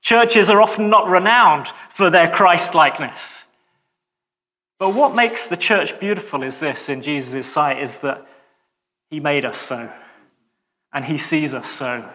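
A man preaching a sermon in a lively, conversational way, with joking asides to the congregation. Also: a little high, measured pace, long pauses, in a large hall.

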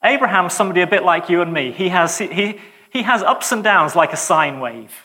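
Bright-voiced male preacher, chatty sermon. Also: high voice, brisk, long reverb tail. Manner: lively, conversational, joking asides.

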